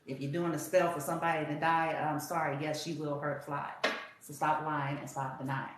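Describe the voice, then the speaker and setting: A woman's voice: low-pitched, little pitch movement, moderate pace. A woman giving a casual tarot reading in a blunt, profane, rambling rant. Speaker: tarot reader. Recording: very echoey room with faint hiss.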